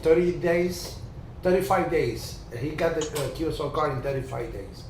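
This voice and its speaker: Cuban-accented guy hosting a ham radio zoom chat, kinda high voice, echoey. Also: animated, moderate pace, a little mellow. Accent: Cuban Spanish. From Cuba. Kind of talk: casual chat on a video call. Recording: echoey room with faint hiss.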